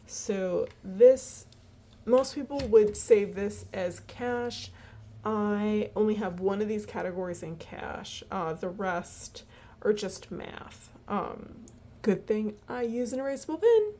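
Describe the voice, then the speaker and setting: A woman walking through her family budget in a casual, halting way, tired and yawning, with lots of fillers. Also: mid-range voice, animated, warm tone. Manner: chatty, halting, many fillers and restarts. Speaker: budgeting vlogger.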